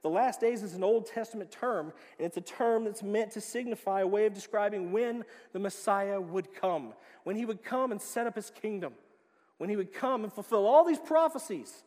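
A man preaching a sermon as pastor, emphatic, swinging from quiet, low passages to loud, pressing ones. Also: normal speed. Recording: long reverb of a hall.

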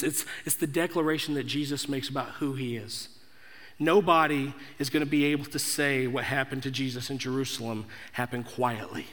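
A man's voice: medium pitch, fairly bright tone. A young man preaching a sermon as pastor, emphatic, building through repeated declarations. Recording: echoey hall.

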